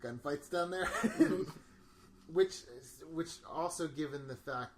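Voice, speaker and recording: A man co-hosting a casual podcast, rambling excitedly about a film, often laughing and quoting lines from it. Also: on the high side, slow pace. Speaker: podcast co-host. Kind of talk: casual movie discussion.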